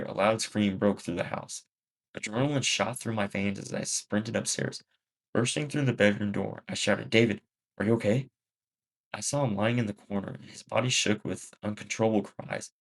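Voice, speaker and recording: A man reads a first-person story aloud in a plain, steady way, stumbling now and then. His voice sits low and has a gravelly edge. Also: low-quality recording. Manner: plain first-person reading with small slips. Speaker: story narrator.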